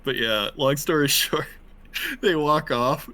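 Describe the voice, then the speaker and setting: A man's voice: fairly high pitch, slow pace. A man in casual chat at a tabletop game, telling an anecdote animatedly and acting out the quotes. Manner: animated storyteller who acts out quoted lines. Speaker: player.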